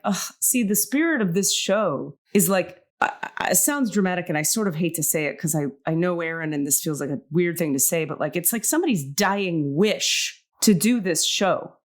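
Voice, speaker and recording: Gushing, emotional woman podcast host. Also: on the low side. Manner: emotional, gushing, talks in quick bursts with restarts. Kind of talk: casual chat.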